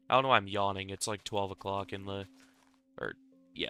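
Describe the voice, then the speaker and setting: A young man with a bright, sharply present voice that stays smooth and clean, talking loosely over his gameplay. He rambles between tasks and pokes fun at himself, with a soft bed of music playing underneath. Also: sits low, steady tone, measured pace, pauses often. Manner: rambling, self-deprecating, chuckles often. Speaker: Minecraft building creator. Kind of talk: casual gameplay commentary.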